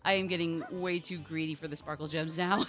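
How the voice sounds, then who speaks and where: A woman's voice: low voice, fairly even intonation, fairly quick, music in the background. A woman streamer giving casual, rambling gameplay commentary, full of "like" and playful swearing.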